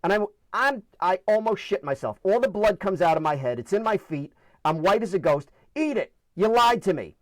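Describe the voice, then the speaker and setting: A man in his fifties from the Bronx tells comic, self-mocking stories. His voice is high for a man and swings widely in pitch. The sound is close and dry. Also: animated, a little fast, dry recording, low-quality recording. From the Bronx, New York. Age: 50s. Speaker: podcast guest. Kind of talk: comic storytelling.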